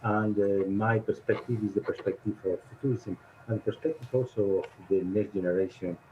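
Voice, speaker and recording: A man's voice: on the low side, steady tone, fairly quick, dark tone, a little hiss or hum. Hesitant Spanish-native man on a muffled call. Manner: hesitant, searching for words with many fillers. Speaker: advisor at a Spanish ministry. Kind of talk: online panel discussion. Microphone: video call. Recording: muffled video call line.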